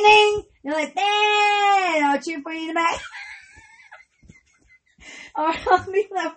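A woman hosting a casual, profane chat, laughing constantly and swinging from loud to quiet. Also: high voice. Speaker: podcast host.

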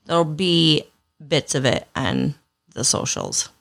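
A woman's voice: low voice, huge pitch swings, slow, creaky, fairly bright tone. Chatty, swearing Michigan woman podcast host. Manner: chatty, swears freely, laughs easily. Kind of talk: casual chat.

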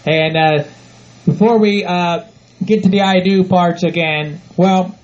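A man's voice: high-pitched, fairly even intonation, slow. A man playing a folksy officiant at a ranch wedding, hesitant but solemn. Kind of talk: comedic role-play podcast. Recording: dull lo-fi home recording.

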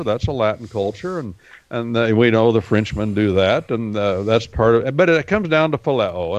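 A man, a regular guest on a radio talk show, explaining Bible words at length, repeating himself and filling pauses with "uh". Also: medium pitch, no room sound. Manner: explanatory and repetitive, with many fillers. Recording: dull, dry lo-fi sound.

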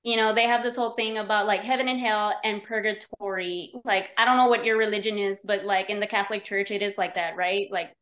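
Female guest voice, conversational and animated, medium pitch, roomy sound. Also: a little fast, few pauses. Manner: animated storyteller, many fillers. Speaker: podcast guest. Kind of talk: casual conversation.

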